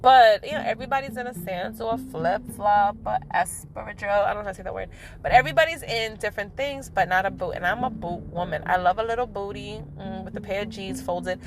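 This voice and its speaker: A middle-aged woman chatting casually to camera in a vlog, talkative and laughing at herself with lively asides. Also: medium pitch. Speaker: vlogger.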